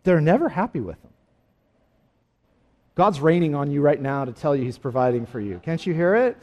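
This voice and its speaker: A male pastor preaching with a high, lively voice that swoops up and down. He presses his points hard, falling quiet for asides, then climbing to loud, ringing exclamations. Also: normal speed. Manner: emphatic preaching, swinging between soft asides and loud exclamations. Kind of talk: sermon.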